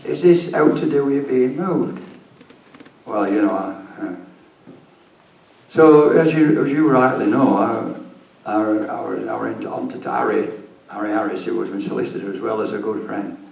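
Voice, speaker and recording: A man's voice: fairly low pitch, unhurried, creaky, darkish tone, slight background noise. An older man, a retired police officer telling his story at a conference, blunt and swearing freely. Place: conference hall. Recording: echoey room, mic far off.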